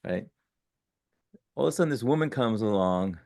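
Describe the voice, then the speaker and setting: A man in his sixties, a podcast guest telling his story casually, animated and often correcting himself mid-sentence. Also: fairly low pitch, moderate pace, creaky. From born in Italy, raised in the United States. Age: 60s.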